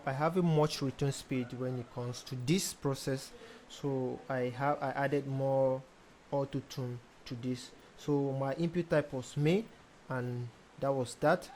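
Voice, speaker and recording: A young man, a music producer casually talking through a tutorial step by step, pausing often with ums. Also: mid-range voice, a little hiss or hum. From Nigeria. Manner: relaxed, hesitant with frequent ums, explains step by step. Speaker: music producer teaching mixing. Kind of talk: casual screen-recorded tutorial.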